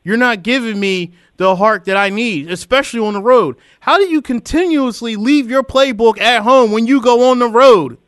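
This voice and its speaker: A man's voice: extremely high pitch, moderate pace, hardly any pauses, fairly bright tone, clean tone, no echo, clean studio sound. A man hosting a casual sports podcast, talking emphatically and repeating phrases for effect as he vents. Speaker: podcast host.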